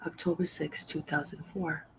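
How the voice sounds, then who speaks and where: Woman telling her own story on her podcast, raw and emotional, goes soft and whispery a lot, swears freely. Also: low voice, fairly even intonation, moderate pace, a little hiss or hum, rough recording. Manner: candid and emotional, drops to soft breathy near-whispers; repeats phrases for emphasis, swears freely. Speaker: podcast host. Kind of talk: personal storytelling monologue.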